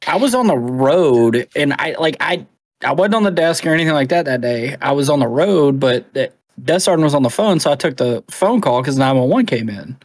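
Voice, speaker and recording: Profane storytelling cop, acting out callers. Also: male voice, medium pitch, a little fast, no echo. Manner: animated storyteller, profane, acts out dialogue. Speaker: police officer guest. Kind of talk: casual podcast chat.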